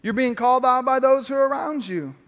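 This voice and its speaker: A man with a high voice preaches to his church, building his points through repetition and slowing right down on the key lines. His voice rings with a long reverb from a large hall. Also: fairly bright tone. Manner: emphatic preaching with repeated phrases and slowed key lines. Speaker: pastor. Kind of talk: sermon.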